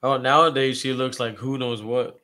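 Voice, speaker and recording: A man's voice: mid-range voice, fairly even intonation, normal speed, pushed and bright. A man co-hosting a casual livestream podcast, laid-back, laughing along and swearing now and then. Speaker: podcast co-host.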